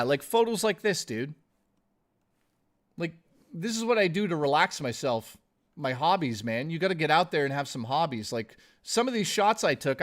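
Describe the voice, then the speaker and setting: A man streaming live, chatting casually and ramblingly with viewers, swearing often and calling them dude and guys. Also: on the high side. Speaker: gaming streamer.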